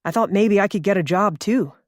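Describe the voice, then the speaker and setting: A woman's voice: mid-range voice, a little fast, no echo, clean studio sound, natural voice. Woman voicing an urgent, pushy man. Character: anxious, impulsive man.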